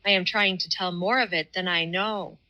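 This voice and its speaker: A woman's voice: fairly low pitch, fairly even intonation, moderate pace, bright, forceful tone, muffled recording. A woman reading the part of an earnest, devout man who speaks with fervent, laborious care in an audiobook.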